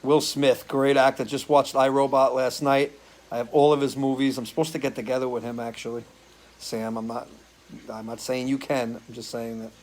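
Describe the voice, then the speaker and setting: A man's voice: medium pitch, level tone, normal speed, darkish tone, poor audio. A man in casual chat reads out viewers' comments and answers them one by one. He talks loosely and easily, like a regular host, with an odd swear word thrown in. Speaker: singer hosting a live stream.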